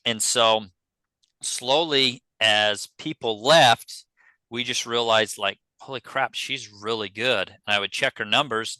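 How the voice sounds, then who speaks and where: A man's voice: fairly low pitch, pushed and bright, clean tone, dry recording, rough recording. A man, a podcast guest telling a business story casually and acting out the dialogue he quotes. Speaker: podcast guest, pest control business owner.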